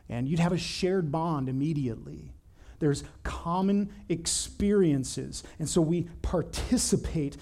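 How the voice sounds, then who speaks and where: Man, pastor, conversational sermon, fairly high voice, lively storytelling, repeated words. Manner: animated storytelling, repeats words when starting sentences.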